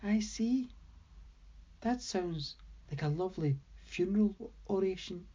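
A woman's voice: mid-range voice, lively intonation, slow, mellow, dull audio. A woman voicing a teasing, mocking female demon with cloven hooves in an audio story. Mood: wry.

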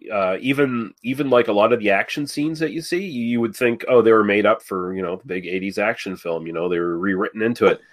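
A man with a somewhat low voice talking casually about a film on a podcast. He rambles and restarts, filling gaps with "uh" and "you know", and swears offhandedly. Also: fast, few pauses. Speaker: podcast co-host. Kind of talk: casual movie discussion.

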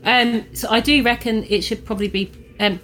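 A woman's voice: on the high side, steady tone, fairly quick, fairly bright tone, a little hiss or hum. A young woman playing in a tabletop game, chatty and hesitant, laughing often. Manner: giggly, hesitant with many ums. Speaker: player. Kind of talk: tabletop role-play chat.

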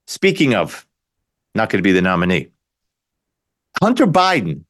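A man's voice: fairly low pitch, moderate pace. A man hosting a talk radio show, delivering an opinionated, sarcastic political monologue with frequent restarts. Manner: animated, sarcastic, repeats himself and restarts.

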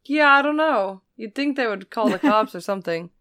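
Clear-voiced woman, dry close sound. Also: fairly high pitch, expressive, normal speed, a bit bright, no echo. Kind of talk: reading an article aloud and chatting.

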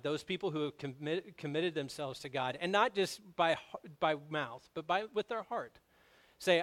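A man preaching a sermon as pastor, telling stories in an animated way that grows loud on key points. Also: a little high, moderate pace.

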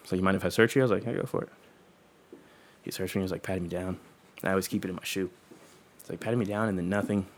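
A man's voice: low voice, fairly even intonation, very fast, long pauses. A young man casually telling a story, swearing freely and acting out what people said in slangy talk. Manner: profane, slangy, acts out quoted dialogue.

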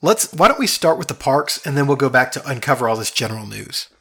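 Male podcast co-host, husky, casual, conversational. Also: mid-range voice, animated, fast, bright, forceful tone. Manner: chatty, fond of restarts.

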